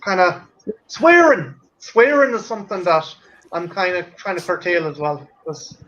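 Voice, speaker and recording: An Irish man in casual stream chat, talking quickly and swearing heavily. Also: high voice, sing-song, pushed and bright. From Ireland. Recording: dull lo-fi mic with faint hiss.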